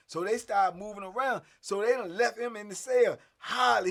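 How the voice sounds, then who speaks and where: Middle-aged guy telling a story, streetwise slang, animated, high bright voice. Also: normal speed, few pauses. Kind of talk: casual storytelling.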